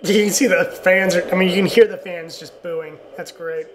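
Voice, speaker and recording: A chatty man with a high voice rambles through a casual sports chat. He laughs often. The cheers and boos of a televised crowd fill the background. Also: fairly even intonation, moderate pace. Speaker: podcast co-host. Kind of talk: casual chat over a live game.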